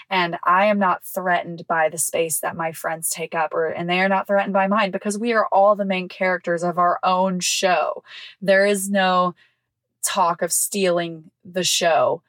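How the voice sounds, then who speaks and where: A woman hosting a podcast, telling a personal story in casual chat, frank and expressive, swearing freely and laughing often. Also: fairly low pitch, no room sound. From California. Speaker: podcast host. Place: visiting family in the South.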